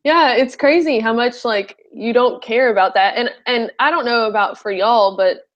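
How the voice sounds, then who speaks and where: A woman's voice: fairly high pitch, moderate pace. Chatty lady host telling trail stories, lots of likes and you-knows, kinda muffled audio. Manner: chatty, laughs often, many fillers. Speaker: podcast host. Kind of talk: casual interview chat. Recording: slightly muffled recording.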